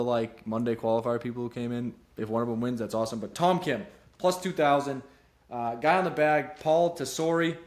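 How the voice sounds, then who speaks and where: A young man hosts a solo golf betting show in a loose, rambling way. He drifts between offhand jokes and his picks, often poking fun at himself. His voice sits in an ordinary mid range for a man. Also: mid-range voice. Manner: rambling and self-deprecating, jumps between serious and goofy. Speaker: podcast host giving golf betting picks. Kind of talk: casual solo commentary.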